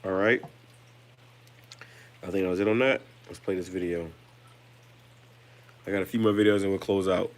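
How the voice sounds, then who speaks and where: A man's voice: deep voice, fairly even intonation, moderate pace, pauses often. A man giving casual religious commentary, slangy and loose, often repeating and restarting his words as he talks.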